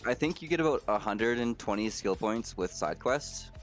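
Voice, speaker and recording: A man's voice: medium pitch, animated, moderate pace, faint music behind. A man streaming and chatting casually with friends, laid-back, laughing easily. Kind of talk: casual gaming voice chat.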